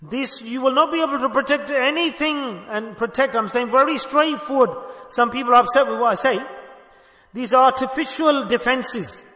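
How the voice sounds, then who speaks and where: A man's voice: very high-pitched, normal speed, pushed and bright. An older man preaching a sermon, emphatic and full of rhetorical questions put to his listeners. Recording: echoey hall with long reverb.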